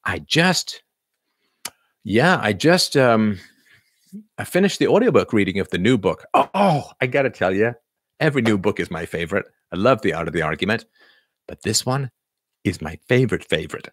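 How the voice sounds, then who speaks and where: Middle-aged male livestream host, low register, loose rambling delivery, dry room. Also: animated, moderate pace, pauses often, dry recording. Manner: rambling, lots of fillers and restarts. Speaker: livestream host answering viewers. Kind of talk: casual live chat.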